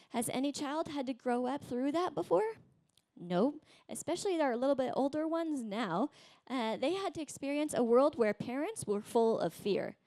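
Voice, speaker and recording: A woman pastor in her thirties giving a sermon in a chatty, conversational way, often checking in with "right?". Her voice sits a little high, and the close mic sounds dry and plain, with no room behind it. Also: dark tone, no room sound. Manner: conversational, tags points with "right?"; acts out voices in quotes, rising high.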